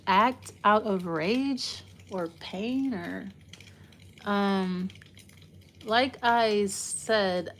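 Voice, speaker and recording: A woman's voice: medium pitch, a bit bright, a little hiss or hum. A woman giving a casual, loose tarot reading, rambling and trailing off as she talks it through. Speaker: tarot reader.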